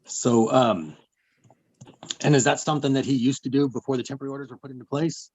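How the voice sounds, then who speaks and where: A man examining a witness in court, measured with small fillers. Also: medium pitch, steady tone, a little mellow, husky, highs cut off. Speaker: attorney questioning witness.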